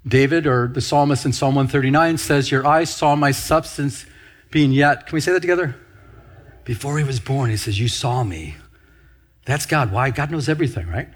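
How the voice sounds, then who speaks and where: A man's voice: mid-range voice, normal speed. A middle-aged man who is a pastor, preaching a teaching sermon, often repeating phrases and asking his listeners questions.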